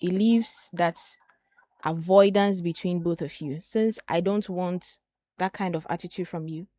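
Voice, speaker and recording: A woman's voice: fairly low pitch, measured pace, mellow, no echo. A woman speaking as a guest on a mental health discussion, explaining points step by step. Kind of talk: casual discussion panel.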